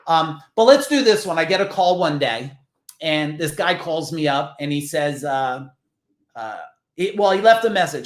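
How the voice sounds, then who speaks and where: A man's voice: a little high, lively intonation, moderate pace, reverberant. A man from New Jersey, a business founder telling earnest stories as a podcast guest, swearing casually. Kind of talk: emotional storytelling.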